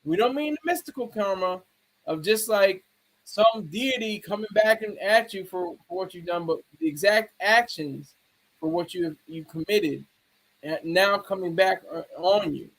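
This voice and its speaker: A man's voice: sits high, normal speed, fairly bright tone. A man giving casual livestream commentary, rambling, restarting sentences and talking back to his chat. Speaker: streamer.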